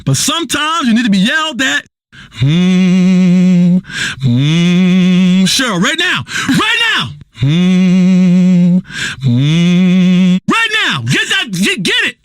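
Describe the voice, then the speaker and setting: A wild kooky radio doc, high bright voice, rambles then yells. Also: male voice, huge pitch swings, normal speed, hardly any pauses, no echo, full character voice. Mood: coaxing. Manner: rambling, volatile, bursts into shouting. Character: erratic self-important male radio doctor. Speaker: radio health show host. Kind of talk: comedic radio talk show acting.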